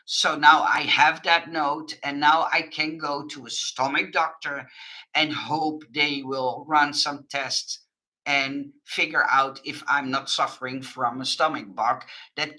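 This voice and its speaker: A woman's voice: deep voice, pushed and bright, rough recording. A woman craft vlogger chatting frankly to her viewers in English, laughing often. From Netherlands. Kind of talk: casual chat to viewers.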